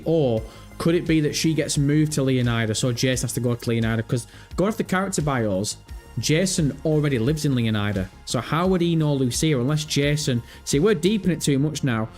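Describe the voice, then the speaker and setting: A man's voice: fairly high pitch, a little mellow. A man hosting a casual live stream, talking animatedly, thinking aloud and swearing freely.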